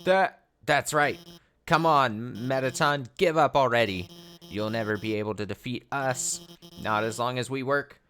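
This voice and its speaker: A man voicing a nerdy, anxious female lizard scientist, talking quick and earnest. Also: mid-range voice, a bit bright, voice pushed up, close to an everyday voice. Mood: defiant.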